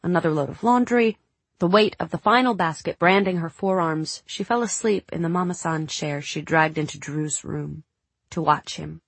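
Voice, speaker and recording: A woman narrating a novel as an audiobook in a measured, literary reading. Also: lowish voice, breathy edge, no echo. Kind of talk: scripted narration.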